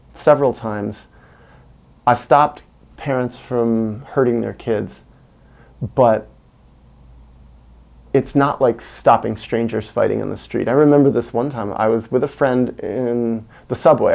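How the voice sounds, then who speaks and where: A man's voice: mid-range voice, vocal fry, a little mellow. A man talking candidly to camera in a reflective personal monologue, earnest and often searching for words. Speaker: vlogger.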